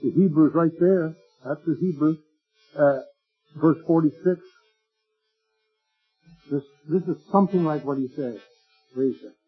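A man's voice: a little high, unhurried, long pauses, husky, soft background music. A man preaching an impassioned sermon, rising to wailing cries and stretching out his words. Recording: tinny phone-like old recording.

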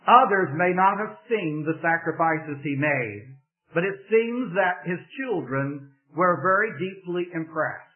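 A man's voice: sits high, animated, measured pace. A man preaching a sermon, telling a story earnestly and building to emphatic exhortation. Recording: tinny phone-like recording.

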